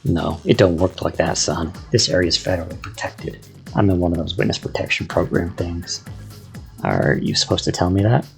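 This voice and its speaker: A man putting on a gruff, drawling Texan backwoodsman. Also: sits low, moderate pace, faint music behind. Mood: folksy. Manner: folksy drawl, threatening then jovial. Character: gruff older Texan man, wary, armed.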